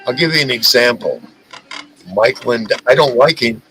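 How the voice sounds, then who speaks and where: A man hosting a casual live stream, talking in an animated, profane rant. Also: mid-range voice, normal speed, soft background music, low-quality recording. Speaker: livestream host.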